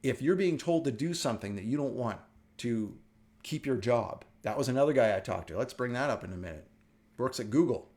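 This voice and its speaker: A middle-aged man from the United States hosting a casual wellness talk, telling stories with animated energy and frequent laughter. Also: medium pitch, a little fast. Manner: animated storytelling, laughs often. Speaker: wellness show host. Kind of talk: casual chat.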